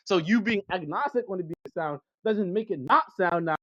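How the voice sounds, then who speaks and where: A man's voice: sits high, lively intonation, normal speed, a bit bright, dry recording. A young man in a heated online voice-chat debate, ranting aggressively and hurling insults at his opponent over a dull, lo-fi line.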